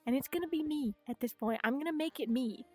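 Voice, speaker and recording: A woman's voice: sits high, quick pace, a little mellow, faint music behind. A young woman streaming casually, ranting animatedly, swearing a lot and acting out other people's voices. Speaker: VTuber streamer. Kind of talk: casual livestream chat.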